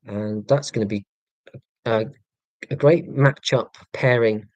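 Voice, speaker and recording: A man's voice: medium pitch, takes it slowly, no room sound, dull audio. An English man hosting a casual live stream, rambling and self-mocking, with many ums. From England.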